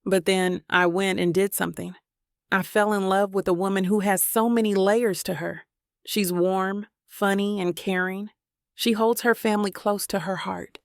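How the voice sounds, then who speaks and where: A woman narrator voicing a tender, apologetic young husband in an audiobook, speaking softly and sincerely. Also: medium pitch, steady tone, normal speed, dry recording, studio quality, close to an everyday voice. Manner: soft, sincere, pleading. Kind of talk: audiobook character voice.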